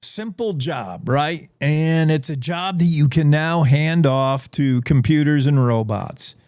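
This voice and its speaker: Male morning show host, slightly high voice, dry close sound, playful storyteller. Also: takes it slowly, darkish tone, dry recording. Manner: playful, spins speculative stories. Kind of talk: talk radio monologue.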